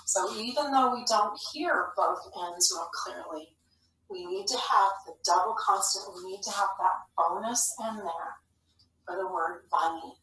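A woman teaching a phonics lesson to young children, speaking clearly and patiently. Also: medium pitch, bright, forceful tone. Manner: slow, clear, patient instructional delivery. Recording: echoey room, mic at a distance.

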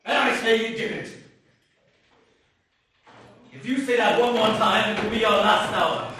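Male actor as a blustering councillor; high and lively, distant and echoey. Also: a little slow. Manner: blustering, accusing. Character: blustering village councillor, quick-tempered. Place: theater stage. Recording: echoey stage from far off, faint noise.

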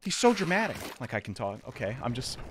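A young man giving loud, excitable, jokey commentary as a let's play host. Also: medium pitch, fairly quick, noisy background.

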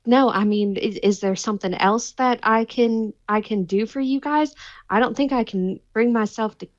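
A woman's voice: a little high, normal speed, muffled recording. A woman playing her character in a tabletop role-playing game, talking anxiously and stammering. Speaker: player.

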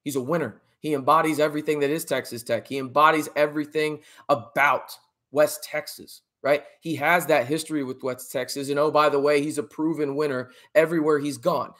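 A man's voice: on the high side, steady tone, a little fast, fairly bright tone. Emphatic sports podcast man. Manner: emphatic, often adds "right?". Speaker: podcast host. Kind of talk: casual sports commentary to a live chat. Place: home studio with a dog in the background.

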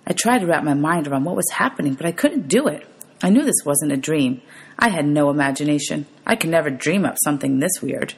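Low, gravelly woman reading aloud. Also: a little fast. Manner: steady storytelling, announces page numbers. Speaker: teacher.

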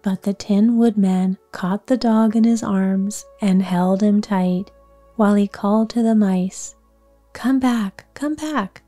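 A woman reading a bedtime story aloud in a soft, hushed, soothing whisper for sleep. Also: medium pitch, level tone, measured pace, soft background music.

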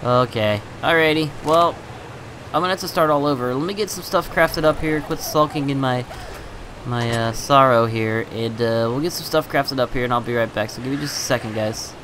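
A man's voice: mid-range voice, moderate pace, background noise. A man hosting a gaming channel, chatting casually over his gameplay, exasperated and laughing at his own bad luck.

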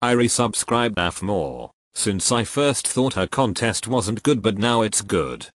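Low British text-to-speech man. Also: unhurried, dry recording. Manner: flat, even synthetic delivery that bursts into loud shouting. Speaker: narrator reading and answering error messages. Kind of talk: comedic text-to-speech reading.

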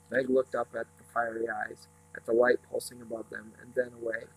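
A man reading a novel aloud in a steady, unhurried way, now and then slipping and starting a phrase over. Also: mid-range voice, slightly rough, rough recording. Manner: steady, unhurried reading with small slips and restarts. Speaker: reader.

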